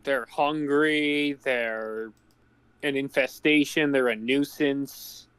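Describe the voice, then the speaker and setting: A man's voice: medium pitch, steady tone, slow pace, fairly bright tone, clear, resonant tone, no echo. A man co-hosting a casual movie podcast, adding dry sarcastic quips. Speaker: podcast co-host.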